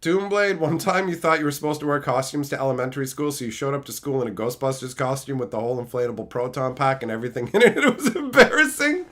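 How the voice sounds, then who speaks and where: A man streaming, answering his chat and telling stories in a loud, profane, laugh-filled way. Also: medium pitch, fast, hardly any pauses. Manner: animated, profane storytelling with frequent laughter. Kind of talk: casual livestream chat.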